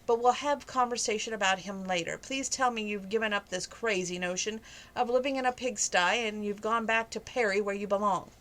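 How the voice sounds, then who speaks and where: A woman's voice: medium pitch, a little fast, fairly bright tone, lightly acted. Woman reading as a sugary, pushy mother. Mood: sweetly critical. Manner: sugary and prodding. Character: fashionable, pushy middle-aged mother.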